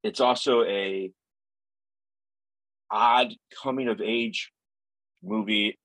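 A man co-hosting a casual movie podcast, relaxed and teasing, with easy asides. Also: mid-range voice, extremely slow, dry recording, poor audio. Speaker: podcast co-host. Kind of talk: casual movie-discussion chat.

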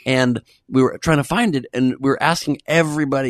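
An excitable man trading jokey banter on a podcast, his voice jumping up in sudden surprised bursts. His pitch is mid-range and the recording is dry and close. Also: brisk, no room sound. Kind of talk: casual chat.

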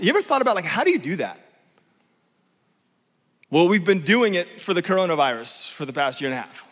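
A man preaching a sermon in an emphatic way, often checking in with his listeners with quick rhetorical questions. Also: sits high, big pitch swings, fairly bright tone. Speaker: pastor. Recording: long reverb from a large hall.

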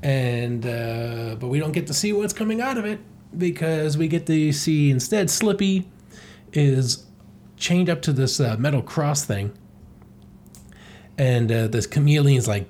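A man's voice: on the high side, animated, a little slow, a little mellow, slight background noise. A man hosting a podcast, giving a rambling, irreverent comedic recap of a comic and swearing often. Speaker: podcast host.

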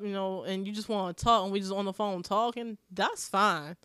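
This Maryland co-host is a young woman who tells stories in a blunt, casual podcast chat, swearing without hesitation. She speaks at a moderate pace with medium pitch and fairly even intonation, her tone fairly bright, clear and resonant, captured in a dry, clean studio recording.

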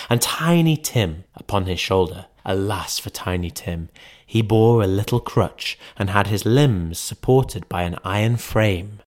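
Man reading an old christmas-style story, really expressive, lots of ups and downs. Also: lowish voice. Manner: expressive, theatrical. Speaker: narrator.

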